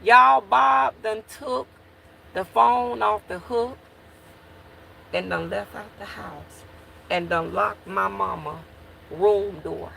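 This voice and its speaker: A woman recounts her own story to viewers, slow and deliberate, with a bright, tense tone and a gravelly fry at the ends of phrases. She circles back and repeats words as she talks to her listeners. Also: mid-range voice, slight background noise. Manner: repeats and restarts while reliving events, calls to listeners. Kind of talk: emotional personal testimony.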